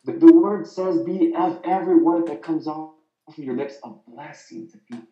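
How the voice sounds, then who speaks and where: A man giving an inspirational Christian talk, telling stories with lively, animated voiced quotes. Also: on the high side, normal speed. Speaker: speaker. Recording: roomy muffled sound.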